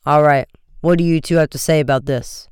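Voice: medium pitch, fairly even intonation, a little fast, clear, resonant tone, no echo, clean studio sound, close to an everyday voice. Narrator voicing a grim, stern patrolman. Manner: demanding. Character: grim, stern male policeman.

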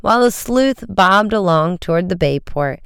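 An audiobook narrator reading an adventure story, lively with the dialogue. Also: medium pitch, normal speed, vocal fry, clean tone, no room sound, studio quality. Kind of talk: scripted narration.

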